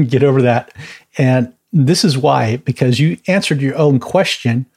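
A man's voice: mid-range voice, measured pace, a little mellow, slightly rough. A man teaching a Bible class in a chatty, informal way, laughing at his own stories and adding many asides.

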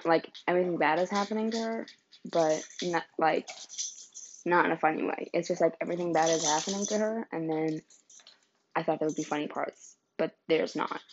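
A woman's voice: lowish voice, muffled recording, slight background noise. A young woman vlogging, telling rambling stories in a casual, giggly way with lots of fillers. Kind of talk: casual storytelling chat.

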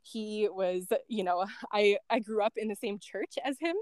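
A woman's voice: medium pitch, moderate pace, darkish tone, smooth, no room sound. A woman being interviewed, telling a story casually, with lots of "like" and "um" and small laughs between thoughts. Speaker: guest, former end-of-life caregiver.

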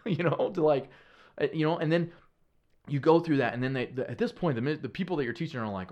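An earnest man chats casually as a podcast guest, telling stories in a lively way. His voice sits in a middle pitch. He talks in loose, slangy phrases and often stops and restarts his sentences. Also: quick pace. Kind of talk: casual conversational storytelling.

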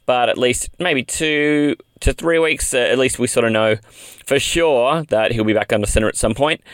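A man's voice: medium pitch, moderate pace, fairly bright tone, dry recording. Chatty Australian man hosting a podcast. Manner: chatty, upbeat, rambling with fillers. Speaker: podcast host. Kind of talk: casual fantasy football podcast chat.

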